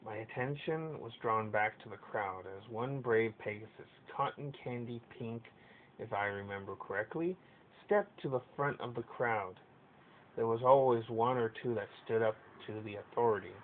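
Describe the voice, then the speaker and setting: A man narrating a fan story aloud in a steady reading with occasional stumbles. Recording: tinny lo-fi with faint rumble.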